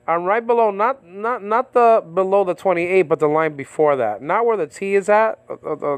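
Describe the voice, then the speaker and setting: A man teaching a casual verse-by-verse lesson on biblical Greek and Hebrew, halting often with fillers and checking in with "okay?". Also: fairly high pitch, clean tone, dry recording. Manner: halting, many fillers and repeated okays. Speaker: Bible teacher. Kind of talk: informal verse-by-verse language lesson.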